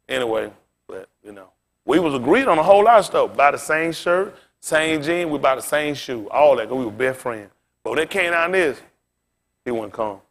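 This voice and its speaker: Higher-voiced male pastor, preaching loosely. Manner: casual preaching with big swings in pitch and loudness; talks directly to the congregation. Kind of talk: sermon.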